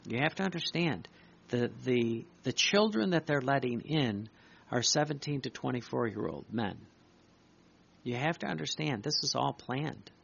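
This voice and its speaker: A man's voice: medium pitch, lively intonation, normal speed, creaky, a bit bright, husky. A man preaching urgently, reading devotional writings aloud and breaking off to comment, repeating his points for emphasis. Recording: dull lo-fi recording.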